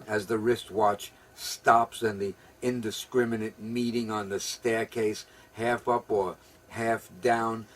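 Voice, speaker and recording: A man reading his own poem aloud during a casual home interview, with quick, rambling, self-deprecating asides. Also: medium pitch, fairly bright tone, slight background noise, low-quality recording. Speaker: poet.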